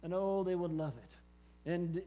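A man preaching a personal testimony sermon, speaking haltingly with many fillers and repeated words. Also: high-pitched, mellow. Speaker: preacher and former hospice chaplain.

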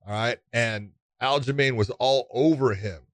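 A man's voice: medium pitch, a little slow, no room sound. Emphatic man breaking down fights. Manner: emphatic, talkative, ribbing. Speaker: podcast co-host. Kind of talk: casual fight analysis chat.

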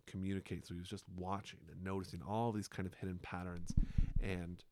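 A man hosting a podcast, speaking in a slow, reflective monologue with unhurried, hypnotic pauses. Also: sits low, level tone, a little mellow, slight background noise.

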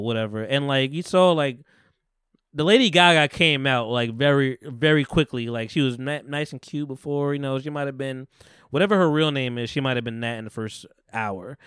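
A man hosting a podcast, retelling a movie in a rambling, animated way with casual swearing. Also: medium pitch, fairly quick, clean tone, no room sound, clean studio sound. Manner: rambling, animated retelling with profanity and acted-out quotes. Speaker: podcast host. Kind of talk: casual chat.

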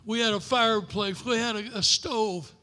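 An older man preaching a sermon as pastor, in a preacher's cadence that builds to shouted declarations. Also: sits high, normal speed, long reverb tail. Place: church sanctuary.

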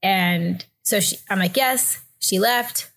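A young woman telling a story in a casual chat, animated and laughing often, acting out the other people's voices. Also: slow pace, gravelly. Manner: animated, acts out voices with big pitch jumps, laughs often. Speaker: guest telling a birth story.

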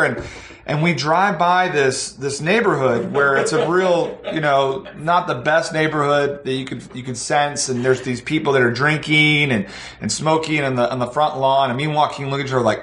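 A man with a slightly high voice tells a story with animated energy. He acts out the voices of the people in it and laughs along the way. The sound carries a roomy echo. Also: moderate pace, slight background noise. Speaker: pastor telling a testimony. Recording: echoey room.

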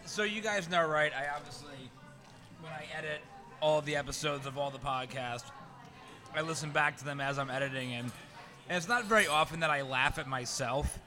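A man's voice: a little high, fairly quick, sharp tone, soft background music. A man co-hosting a podcast, rambling and repeating his words as he chats about hot sauce. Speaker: podcast co-host and editor. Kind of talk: casual chat.

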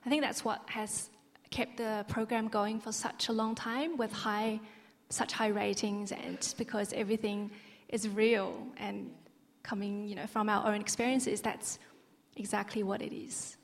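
A woman's voice: medium pitch, fairly even intonation, a little slow, vocal fry. A woman contestant on a panel, speaking fluently and earnestly, leaning on "um" and "I think". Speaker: dating show contestant. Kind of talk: panel discussion. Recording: echoey hall on stage.

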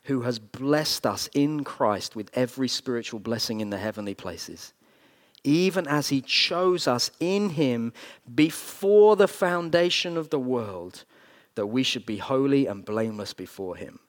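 A man preaching a sermon, earnest, leaning on slow emphatic phrases with sudden bursts of energy. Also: medium pitch, expressive. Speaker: pastor.

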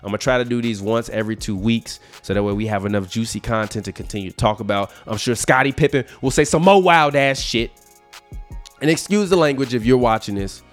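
A man hosting a sports podcast, ranting emphatically with lots of profanity and swinging between loud outbursts and low asides. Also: brisk, faint music behind. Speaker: podcast host. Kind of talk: heated sports rant.

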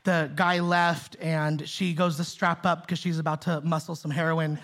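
Gravelly, bright-voiced male pastor preaching. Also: a little high, flat delivery, moderate pace. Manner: emphatic, repeats key phrases for stress; conversational, often asks "right?" and "see?". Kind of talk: sermon. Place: church in the Bay Area.

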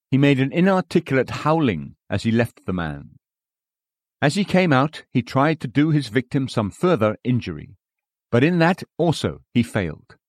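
A man's voice: medium pitch, dry recording, studio quality. A man reading a sermon aloud in an earnest, exhorting manner.

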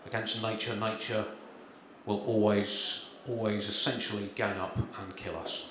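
A man doing a stand-up comedy set with a dry, halting delivery full of ums and uhs, performed live. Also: on the low side, level tone, noisy background. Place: live comedy venue, in front of an audience. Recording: echoey live room with crowd.

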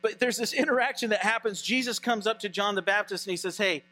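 Male pastor, sermon, high voice, bright tone, animated and conversational. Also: fast talker.

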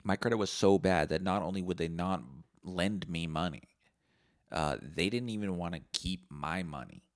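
A man's voice: low-pitched, moderate pace, dry recording, studio quality. A man, hosting a solo podcast and rambling through profane, jokey stories. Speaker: podcast host. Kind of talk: solo comedic podcast monologue.

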